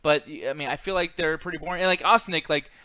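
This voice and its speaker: A man's voice: on the high side, fast talker, pushed and bright. An American man hosting a podcast, rambling in casual chat with lots of swearing and fillers. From United States. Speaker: podcast host.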